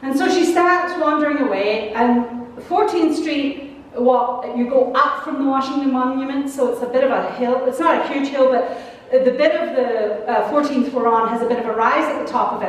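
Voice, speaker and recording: Canadian woman pastor, bright high voice, preaching from far off in a long-reverb sanctuary. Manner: chatty, storytelling with asides and laughs. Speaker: minister. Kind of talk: sermon reflection told as a story. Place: large church sanctuary. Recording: echoey church hall from far off, faint noise.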